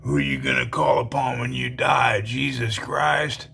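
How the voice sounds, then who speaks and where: A man voicing a drug dealer possessed by the devil, speaking low and quietly taunting. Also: steady tone, measured pace, creaky, heavily acted. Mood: menacing.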